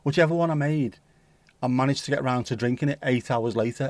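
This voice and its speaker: A man's voice: medium pitch, brisk, a little mellow, dry recording. A man with a Scouse accent hosting a livestream, chatting casually in a rambling, jokey, sweary way. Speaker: livestream host. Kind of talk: casual chat.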